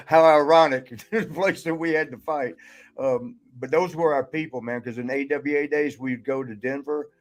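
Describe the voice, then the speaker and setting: An older man, a retired wrestler, telling rambling stories on a podcast, laughing often and swearing. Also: medium pitch. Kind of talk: casual storytelling.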